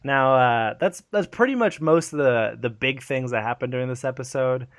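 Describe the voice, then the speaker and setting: A man co-hosting a casual gaming podcast, animated and profane, acting out game scenes in quick put-on voices. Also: medium pitch, dry recording, clean studio sound. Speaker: podcast co-host.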